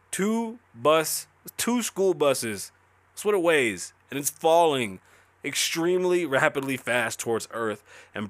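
A man's voice: a little high, fairly bright tone, no echo. A man hosting a podcast, ranting casually with lots of swearing and jumping from topic to topic. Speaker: podcast host. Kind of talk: casual profane podcast rant.

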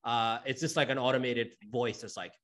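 Young Aussie male guest, mid-pitched voice, easygoing and agreeable, casual swearing. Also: fairly even intonation, brisk, a crowd in the background. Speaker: podcast guest. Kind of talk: casual podcast chat.

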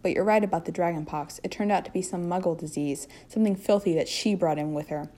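A woman's voice: lowish voice, quick pace, mellow, natural voice. Woman reading cool young aristocrat, disdainful, elegant, storybook. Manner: coolly disdainful.

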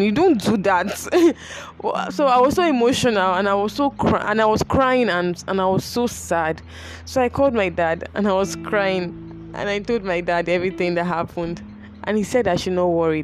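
A woman's voice: medium pitch, slight background noise. Emotional young woman telling a story. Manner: emotional, repeats phrases, laughs between sentences. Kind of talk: personal storytelling to camera.

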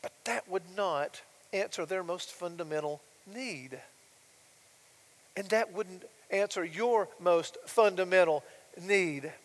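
A high-pitched man delivers a sermon, rising to loud, emphatic declarations and then dropping to soft, quiet asides. He leans on rhetorical questions to draw in his listeners. His voice rings with the long reverb of a large church hall. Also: slow pace. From United States. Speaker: pastor.

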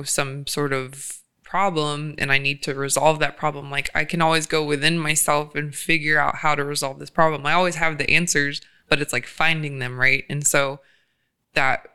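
Man, casual chat, reflective, bright tone, smooth resonant voice. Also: on the high side. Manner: reflective, laughs often, many fillers.

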